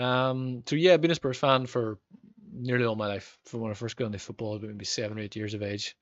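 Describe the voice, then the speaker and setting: A man's voice: medium pitch, fairly even intonation, fast talker, no room sound, lo-fi sound. Northern Irish man streaming a football game. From Northern Ireland. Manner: rambling, frequent ums, reacts to match events. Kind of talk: live gameplay commentary with chat.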